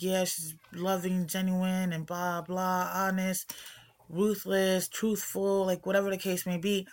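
Low-voiced woman musing candidly. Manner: rambling, candid, self-reflective. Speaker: podcast host. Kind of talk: casual personal talk.

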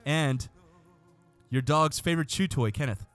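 A man hosting a casual podcast, making deadpan jokes at his co-hosts. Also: fairly high pitch, a little slow, soft background music. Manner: joking, deadpan asides. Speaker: podcast host.

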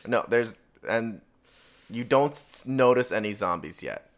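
A man's voice: lowish voice, animated, unhurried. A man narrating a tabletop zombie game as game master, talking casually with many filler words.

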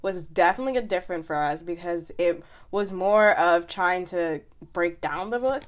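A woman from New Jersey co-hosting a podcast in relaxed casual chat. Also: on the low side, moderate pace. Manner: relaxed, with frequent laughs and backchannels. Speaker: podcast co-host.

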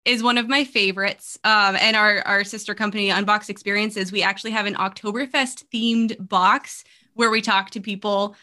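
Bright-voiced chatty woman co-host. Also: mid-range voice, steady tone, normal speed. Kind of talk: casual podcast chat.

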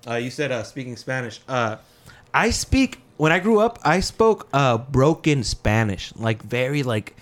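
A young comedian guest tells casual stories at an unhurried pace, swearing freely and laughing mid-story. He's animated, jumping into high-pitched voices whenever he quotes other people.

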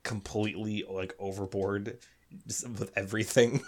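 A man's voice: on the low side, level tone, normal speed, darkish tone, slight background noise. A man co-hosting a podcast, chatting sarcastically and laughing often. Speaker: podcast co-host. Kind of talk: casual chat.

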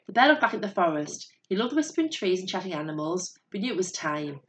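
A woman narrating a story in a steady, measured voice. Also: fairly low pitch.

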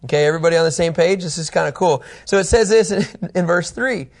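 A man's voice: on the high side, fast talker. A middle-aged man teaching a Bible study lesson in a conversational, joking way. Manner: conversational, animated, jokey.

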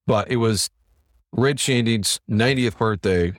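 A man's voice: on the low side, a little slow, dry recording, clean studio sound. A middle-aged man, a TV sports director, telling stories as a guest in a casual interview and acting out what others said. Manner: animated anecdote teller who acts out quotes.

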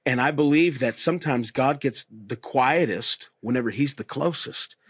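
Man, pastor host, earnest encouraging talk, mid pitch, dry close sound. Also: moderate pace, slightly rough, dry recording. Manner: earnest, encouraging, repeats phrases. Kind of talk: faith conversation.

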